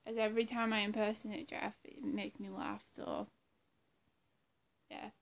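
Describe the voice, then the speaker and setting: A woman's voice: medium pitch, fairly even intonation, a little slow. A woman vlogger chatting casually to her viewers, rambling and giggly and trailing off into murmurs, with a throat infection. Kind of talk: casual vlog chat.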